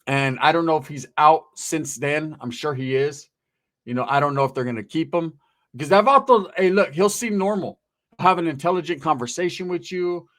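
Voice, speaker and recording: A man's voice: fairly high pitch, brisk, fairly bright tone. A middle-aged man from Northern California hosting casual street commentary, rambling in profane, streetwise slang. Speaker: host, commentator.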